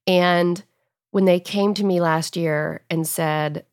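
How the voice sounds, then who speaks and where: A woman's voice: fairly low pitch, steady tone, slow, clear, resonant tone, dry recording. Woman, thirties, interview guest, earnest, emotional, dry close sound. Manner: earnest, emotional, gets choked up. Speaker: guest author. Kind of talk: casual interview chat.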